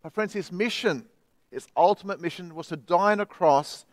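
High-voiced earnest Australian pastor preaching. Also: male voice, normal speed, no echo. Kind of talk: sermon.

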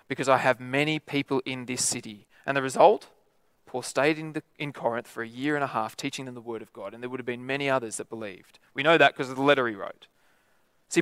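A man's voice: fairly high pitch, fairly bright tone, clean tone, no echo, clean studio sound. A man preaching a sermon in a conversational way, often adding tag questions.

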